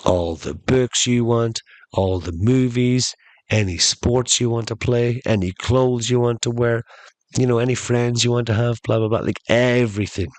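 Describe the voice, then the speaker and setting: A man's voice: medium pitch, steady tone, normal speed, darkish tone, no echo, lightly acted. A man voicing a laid-back, chummy male genie who talks casually in a comedy story. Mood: grand. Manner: casual, calls him "buddy" and "sport".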